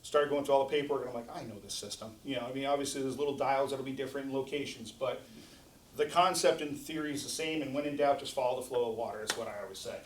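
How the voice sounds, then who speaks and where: A man's voice: mid-range voice, fairly even intonation. Chatty man in his forties, roomy hall. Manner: chatty and self-deprecating, quick-talking. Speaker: guest speaker. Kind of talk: casual talk to a club. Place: meeting hall. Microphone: distant mic after his mic failed. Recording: roomy hall, distant mic, faint background hum.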